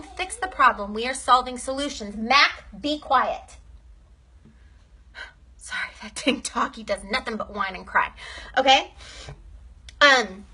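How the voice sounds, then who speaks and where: A woman's voice: on the high side, sharp tone. A young woman giving a casual training talk to her sales team, upbeat and chatty, often checking in with "okay?".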